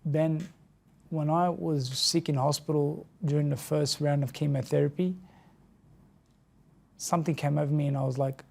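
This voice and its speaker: A man from Australia in his thirties, a former boxer speaking as an interview guest, talking softly and haltingly, often repeating words. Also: on the high side, fairly even intonation, vocal fry. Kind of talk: emotional sit-down interview.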